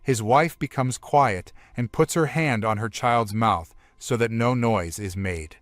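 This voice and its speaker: A man's voice: mid-range voice, unhurried, no room sound. A man narrating a comic story recap, retelling plainly in the present tense.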